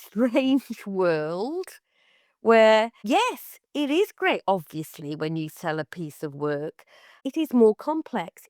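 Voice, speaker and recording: A woman's voice: medium pitch, a little mellow, dry recording, clean studio sound. A woman co-hosting an art podcast in casual chat, talking animatedly and mimicking other people's voices. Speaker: podcast co-host.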